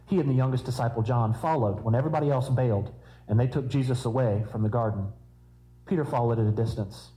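A man's voice: mid-range voice, fast talker, warm tone, rough recording. A man preaching a sermon in a conversational style, with humorous asides.

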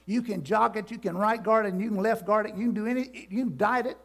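An older male pastor preaches with a high, gravelly voice. He swings between soft asides and loud declarations and throws questions out to the congregation. His voice carries a rough, creaky edge throughout. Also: steady tone, fast. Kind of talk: sermon. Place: church sanctuary.

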